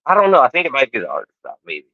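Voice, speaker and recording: A man's voice: medium pitch, wildly swooping pitch, rapid-fire, no echo, phone-quality sound. A man co-hosting a casual podcast chat, hesitant and rambling with many fillers. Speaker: podcast co-host.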